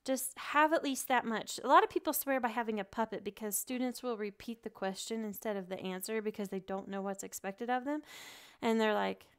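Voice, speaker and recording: A woman who teaches English online, giving casual and animated advice in a vlog from her home and laughing often. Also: fairly high pitch, a little fast, smooth.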